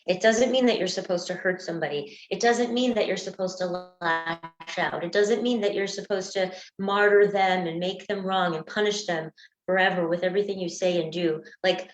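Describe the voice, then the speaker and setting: A woman's voice: on the low side, fairly even intonation, moderate pace. Earnest woman coach in echoey room. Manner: earnest, acts out examples in small voices. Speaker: anxiety coach. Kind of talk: teaching talk on breakup recovery. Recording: echoey room, dull lo-fi sound.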